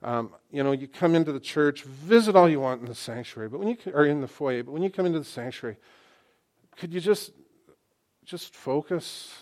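Man, 60s, pastor mid-sermon; dynamic delivery, repeats lines for emphasis, loud-to-soft swings. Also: fairly high pitch, expressive, fairly quick. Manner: emphatic, swings from loud exclamations to hushed asides.

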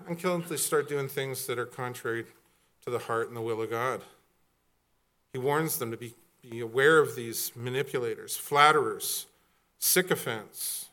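A man's voice: mid-range voice, steady tone, normal speed, a bit bright. Conversational, jokey male pastor preaching. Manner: conversational, jokey, acts out quoted voices. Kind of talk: sermon.

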